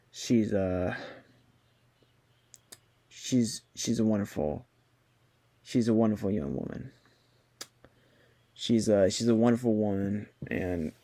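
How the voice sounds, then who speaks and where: A young man talking slowly to his viewers in a halting way, with many fillers and restarts, while trying not to cry. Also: fairly low pitch, mellow. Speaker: vlogger. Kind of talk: casual personal talk to camera. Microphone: computer mic on a video call.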